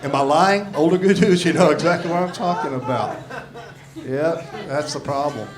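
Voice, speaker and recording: In his sixties, this man performs a profane, self-deprecating stand-up set on a comedy club stage, holding a handheld microphone. His voice sits on the high side and moves at a normal speed. Crowd noise and audience laughter fill the live recording.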